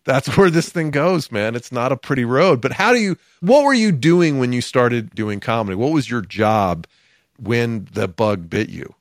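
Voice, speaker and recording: A man hosting a podcast, talking in a quick, wry, casual way. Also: medium pitch, lively intonation, no echo, studio quality. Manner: quick, wry, encouraging backchannel. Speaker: podcast host. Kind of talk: casual interview chat.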